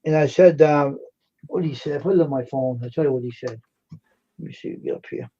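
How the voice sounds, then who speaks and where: Guy telling a story over and over on a stream, mellow voice, kinda muffled audio. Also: on the high side, a little fast, breathy edge. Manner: repetitive, plain-spoken storyteller. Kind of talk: casual live stream chat.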